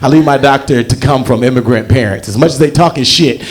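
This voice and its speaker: A young man performing a stand-up comedy set on stage, telling a profane story and acting out the voices in it. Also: fast talker. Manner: profane, storytelling, acts out quotes with big pitch jumps. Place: comedy show in a library.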